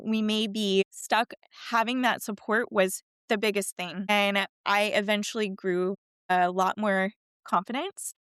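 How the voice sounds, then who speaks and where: A middle-aged woman, a fitness and wellness coach, telling a personal story in a casual interview, chatty and animated, acting out the voices she quotes. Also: medium pitch, clean tone, no room sound, studio quality.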